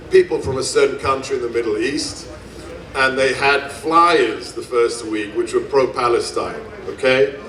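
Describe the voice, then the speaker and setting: A man's voice: medium pitch, a bit bright, a little hiss or hum. A man giving a rally speech at a festival, telling stories in an emphatic way and repeating phrases for effect. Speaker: speaker at a gun rights festival. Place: outdoor festival stage. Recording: echoey, distant PA sound.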